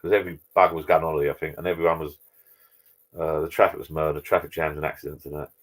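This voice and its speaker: A man's voice: extremely low pitch, little pitch movement, fast talker. A man hosting a casual live chat from his garden bar. He rambles and greets viewers by name. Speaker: live stream host. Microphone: laptop.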